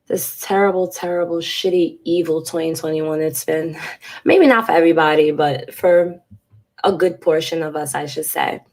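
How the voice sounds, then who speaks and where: A woman's voice: on the low side, darkish tone. A congested woman in her thirties talking frankly and casually to her viewers in a personal vlog, swearing now and then. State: congested from a cold. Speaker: vlogger.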